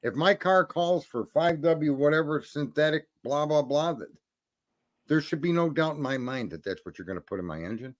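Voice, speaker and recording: A man's voice: on the high side, animated, normal speed. A man hosting a live stream, chatting and telling stories in a blunt, profane, rambling way. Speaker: stream host. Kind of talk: casual chat.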